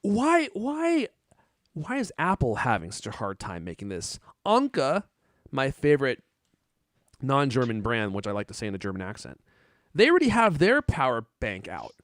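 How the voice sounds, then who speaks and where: A man's voice: mid-range voice, huge pitch swings, normal speed, fairly bright tone, dry recording, studio quality. A man co-hosting a tech podcast in casual chat, joking and rambling, laughing often. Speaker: podcast co-host.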